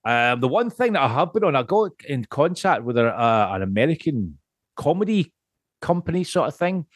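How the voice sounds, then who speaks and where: A man's voice: on the high side, sing-song, moderate pace, no room sound, clean studio sound. A Scottish man on a podcast as a guest, chatting casually, rambling, swearing freely and laughing often. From Scotland.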